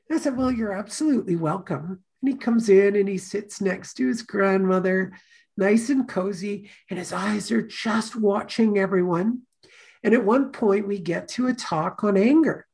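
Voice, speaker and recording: A woman's voice: mid-range voice, gravelly, darkish tone. A woman teaching a personal-growth class, telling stories and acting out the people in them. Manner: storytelling, acts out quoted voices. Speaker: course teacher.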